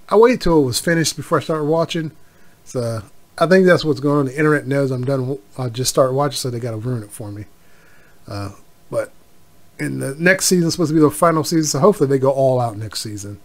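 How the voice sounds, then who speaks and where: A man's voice: medium pitch, fairly quick. A middle-aged man hosting a casual solo podcast, rambling with many fillers and asides. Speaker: podcast host.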